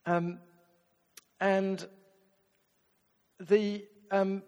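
A man preaching as a vicar, his voice a little higher than most and swinging widely in pitch as he acts out the people he quotes. He talks to the congregation in an easy, conversational way. The sound carries a long church-hall reverb. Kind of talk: sermon.

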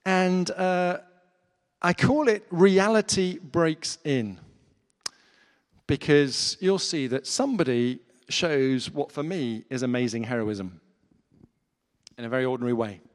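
Guy preaching a sermon, fairly high voice, earnest and chatty, long hall echo. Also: unhurried. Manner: earnest, conversational with fillers.

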